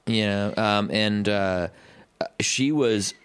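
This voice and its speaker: Male co-host, low voice, rambling anecdotes, dry close sound. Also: slow pace, smooth, no echo. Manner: rambling storyteller, heavy fillers, swears freely. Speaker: podcast co-host, musician. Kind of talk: casual chat.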